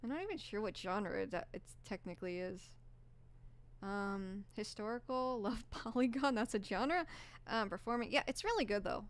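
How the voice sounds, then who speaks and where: A young woman chats casually on a live stream, rambling from one thought to the next with plenty of fillers. Her voice has gone a little hoarse, yet it stays smooth and clear at an average pitch. She gushes with bubbly enthusiasm. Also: lively intonation, normal speed.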